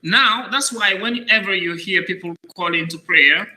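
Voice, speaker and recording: A male Arabic teacher with a high voice and a very bright, sharp edge to it. He talks patiently and repeats words slowly so a young student can follow. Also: poor audio. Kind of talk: one-on-one language lesson for a child.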